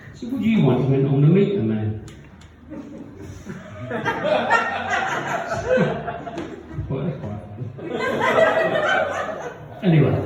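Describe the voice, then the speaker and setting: A man's voice: fairly high pitch, noisy background. A man telling rambling stand-up jokes at a pub gig, laughing at his own punchlines. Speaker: stand-up comedian. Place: pub function room with live audience. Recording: echoey, distant, dull audience recording.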